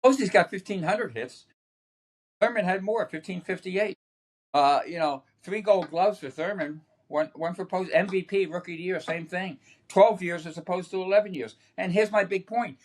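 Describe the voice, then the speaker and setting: An older man who is a sportswriter, telling rambling, animated stories as a podcast guest with many restarts. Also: sits high, moderate pace. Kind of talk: anecdotal podcast conversation. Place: podcast setup.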